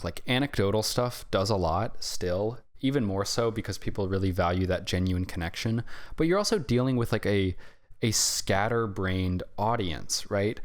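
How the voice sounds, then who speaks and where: A young man talking to camera in a rambling, hesitant way, often trailing off and checking in with "right?". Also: lowish voice. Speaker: artist vlogger. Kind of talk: casual rambling monologue.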